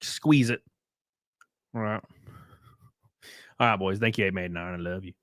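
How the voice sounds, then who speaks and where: Low-voiced man chatting on a stream. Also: unhurried, a bit bright, no room sound, clean studio sound. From Southern United States. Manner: rambling, jokey, reads out chat messages. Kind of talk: casual live-stream chat.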